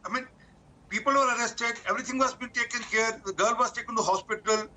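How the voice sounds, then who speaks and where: An Indian political spokesperson argues on a TV news debate, talking in a rapid, insistent rush. His voice is high, bright and forceful. He keeps pressing the same point. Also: a little hiss or hum, poor audio. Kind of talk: TV debate panelist.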